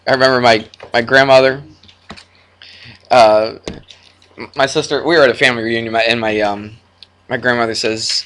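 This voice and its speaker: A man's voice: medium pitch, moderate pace, pauses often, fairly bright tone. A man teaching a math class, chatty, telling stories and laughing often as he lectures a classroom of students.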